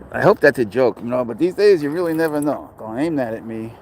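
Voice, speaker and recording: A man's voice: mid-range voice, a little mellow, a little hiss or hum, rough recording. A man casually chatting on a livestream about his pet, rambling and blunt, swearing freely as he reads and answers comments outdoors.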